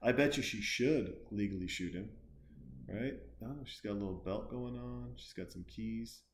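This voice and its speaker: A comedian making profane, sarcastic commentary while watching a horror film, muttering low and then breaking into loud outbursts. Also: male voice, normal speed, reverberant, background noise.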